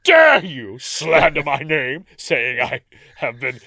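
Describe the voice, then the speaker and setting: A man's voice: a little high, wildly swooping pitch, slow, sharp tone, no room sound, heavily acted. A man putting on the voice of a pompous, indignant court official in a wig, played for laughs. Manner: indignant, theatrical. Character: pompous wigged old male court official.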